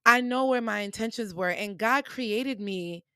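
A young woman podcast host telling a personal story, animated and acting out the people she quotes, talking straight to her listeners. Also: a little high, measured pace, smooth, no room sound, clean studio sound. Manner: animated, acts out quoted voices, addresses listeners as y'all.

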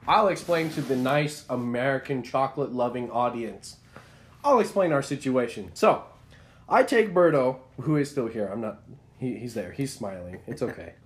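Brief: young male podcast co-host, rambling storyteller, lots of restarts, animated. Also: mid-range voice, normal speed. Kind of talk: casual chat.

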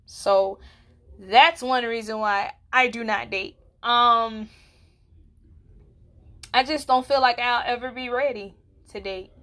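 A woman's voice: a little high, slow, pauses often, fairly bright tone. A woman in her twenties hosting a solo podcast, talking candidly and bluntly, often checking in with her listeners. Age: 20s. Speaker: podcast host. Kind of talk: casual solo podcast talk.

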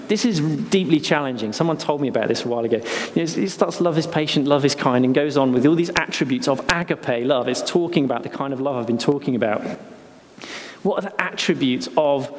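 A man giving a sermon in a casual, halting way, with restarts and fillers, then reading scripture slowly and softly with long pauses. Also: on the high side. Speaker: pastor. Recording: long hall reverb with faint ambient noise.

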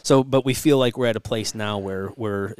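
A man talking as a podcast guest about his meal company, earnest and halting, with many fillers. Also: fairly low pitch, clear, resonant tone, no echo. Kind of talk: casual podcast chat.

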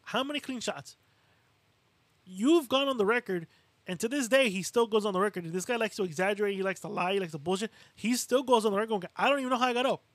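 A man's voice: high voice, a little fast, no echo. A man co-hosting a boxing podcast, talking casually and animatedly, swearing freely and acting out what fighters say. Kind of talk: casual chat.

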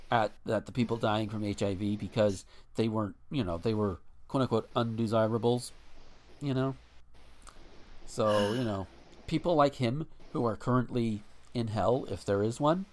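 A man hosting a podcast in casual chat, rambling and profane with frequent restarts. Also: medium pitch.

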